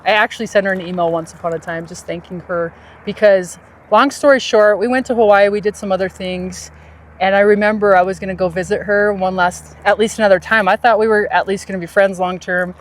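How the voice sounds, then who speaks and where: A woman telling a personal story in a casual podcast chat, animated and laughing easily, with soft, low reflective stretches. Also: a little fast. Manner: animated, jumps high in pitch when quoting others.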